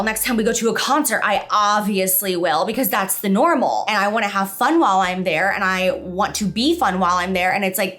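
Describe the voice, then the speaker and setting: Emotional, expressive woman vlogger. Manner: emotional and expressive, with big pitch jumps. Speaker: beauty vlogger. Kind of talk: casual confessional vlog talk.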